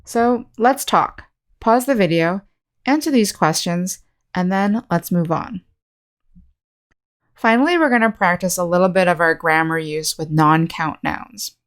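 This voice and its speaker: A woman English teacher giving a scripted online speaking lesson, explaining slowly and clearly with example sentences. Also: lowish voice.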